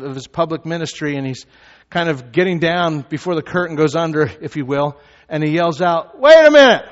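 A pastor preaching a sermon. He moves from measured teaching to loud, shouted emphasis. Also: on the high side. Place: church sanctuary. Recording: reverberant hall, slightly dull sound.

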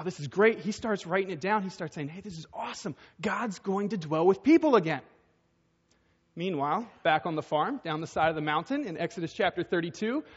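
A high-voiced man preaches a relaxed, conversational sermon full of rhetorical questions. His voice has a long hall echo, and the sound is dull and muffled.

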